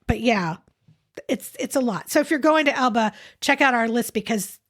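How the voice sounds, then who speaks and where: A woman's voice: fairly high pitch, lively intonation, moderate pace, fairly bright tone. A woman co-hosting a podcast, chatting casually and laughing often about a trip. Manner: giggly, chatty, with frequent restarts. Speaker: podcast co-host. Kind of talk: casual travel chat.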